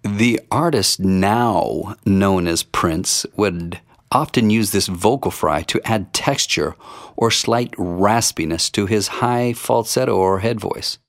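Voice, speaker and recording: Low-voiced man teaching vocal fry. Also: slow pace, no echo, clean studio sound. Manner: demonstrates vocal fry and sings examples. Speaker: vocal coach. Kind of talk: singing lesson explanation.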